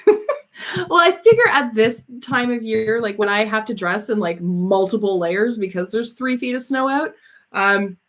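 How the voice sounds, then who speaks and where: A woman talks her way through viewer comments on a relaxed livestream. She rambles from one story to the next, laughing often and leaning on fillers. Her pitch sits right in the middle for a woman. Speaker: host of a live chat stream. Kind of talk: casual chat answering viewer comments.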